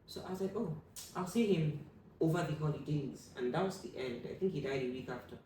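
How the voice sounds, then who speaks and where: A young adult woman telling a personal story as an interview guest, acting out what people said with sudden loud high bursts. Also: a little fast, distant mic. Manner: animated, acts out quoted voices with sudden loud high bursts. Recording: echoey room, voice from off the mic, faint room hum.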